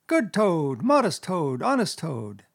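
A man voicing a pompous male weasel chief making a smug banquet speech in a high, squeaky voice. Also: huge pitch swings, takes it slowly, vocal fry, husky, full character voice.

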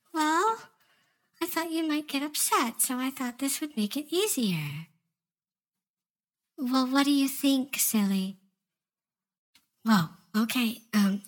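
A woman doing an obsessive young intern in an audio role-play, speaking in a breathy, fairly high voice. She drawls slowly and sugary-sweet, dropping into coy whispers as she manipulates.

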